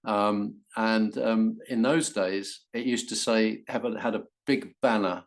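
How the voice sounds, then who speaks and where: Older English actor, interview guest, animated storyteller, low voice. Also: male voice, measured pace. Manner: animated storytelling with many restarts. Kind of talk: anecdotal interview.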